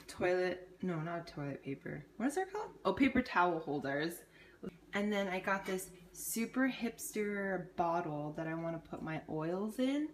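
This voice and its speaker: A young woman chatting casually in her vlog, full of "like" fillers and playful asides. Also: on the low side. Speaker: vlogger. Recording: noisy background ambience.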